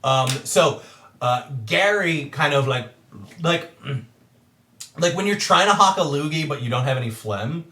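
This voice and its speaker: A man narrating a tabletop game as game master, animated and playful. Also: a little high, measured pace, roomy sound. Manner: animated, acts out enemy cries.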